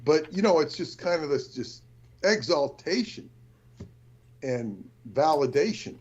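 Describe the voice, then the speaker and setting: A man's voice: a little high, animated, unhurried, darkish tone, husky, lo-fi sound. A man talking in a casual conversation, rambling and hesitant, often restarting his sentences.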